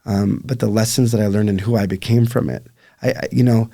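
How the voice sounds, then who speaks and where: Low-voiced man telling a painful story. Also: fairly even intonation, fairly quick, vocal fry, warm tone. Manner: earnest, reflective, many fillers. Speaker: podcast guest, life coach. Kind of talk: emotional personal storytelling.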